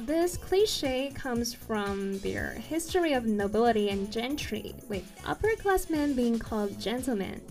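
Woman narrating an explainer, a bit high voice, earnest, trips on words sometimes, soft music under. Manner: earnest, occasionally stumbles and corrects herself. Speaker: video presenter.

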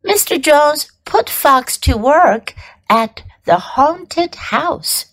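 A woman English teacher reading a storybook to children and slowly explaining phrases. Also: high-pitched, expressive, a bit bright. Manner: slow, clear, explaining and repeating for children.

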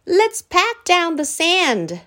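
A woman reading aloud plays a cheerful small boy in a storybook. He sounds high and bright, and his voice leaps up and down with eagerness. Every line comes out upbeat and hopeful. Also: huge pitch swings, slow, exaggerated voice. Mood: eager.

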